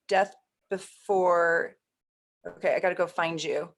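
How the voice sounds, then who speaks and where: A woman's voice: fairly low pitch, steady tone, unhurried, slight background noise. A woman astrologer hosting a casual live stream, chatting with viewers, easily flustered and laughing often.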